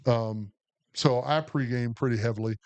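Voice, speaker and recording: A man's voice: mid-range voice, moderate pace, darkish tone. A man, co-hosting a podcast and telling a long, profane, rambling story full of restarts. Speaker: podcast co-host. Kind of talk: casual storytelling chat.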